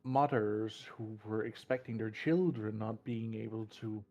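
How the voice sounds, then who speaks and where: A man narrating as game master in a tabletop game, slow and descriptive, often restarting his words. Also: on the low side, dark tone. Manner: deliberate, descriptive, with frequent restarts.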